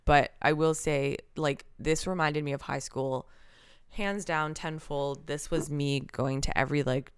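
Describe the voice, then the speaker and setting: A woman in her thirties, co-hosting a podcast in casual, animated chat with frequent laughs. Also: sits low, measured pace, clean tone, dry recording, studio quality. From Canada. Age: 30s. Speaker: podcast co-host.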